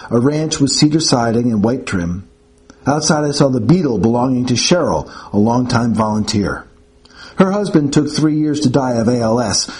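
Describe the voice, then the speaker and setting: A man reading first-person audiobook narration in a measured, wry storytelling manner. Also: medium pitch, darkish tone.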